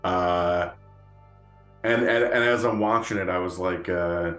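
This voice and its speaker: A man's voice: low-pitched, takes it slowly, fairly bright tone, reverberant, faint music behind. A man co-hosting a podcast in casual chat. He rambles, with many fillers and restarts, and laughs often. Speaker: podcast co-host.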